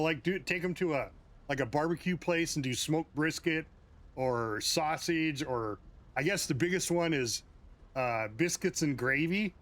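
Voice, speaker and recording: An American game streamer with a fairly high, fairly bright voice chats casually with his live viewers, reacting to their comments with chuckles and asides.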